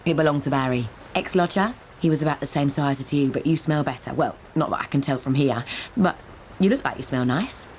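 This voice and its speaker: A woman's voice: low-pitched, fairly quick, a little mellow, slight background noise, natural voice. A woman reading as a chatty, blunt dog owner. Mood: babbling. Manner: babbling, blunt. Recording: music soundtrack behind voice.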